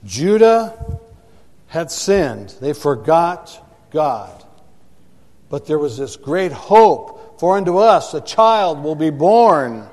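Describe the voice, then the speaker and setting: A man's voice: fairly high pitch, big pitch swings, takes it slowly, a little mellow, in a large hall. A man preaching a sermon to a congregation, emphatic and repeating words for effect, recorded in a church sanctuary. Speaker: pastor.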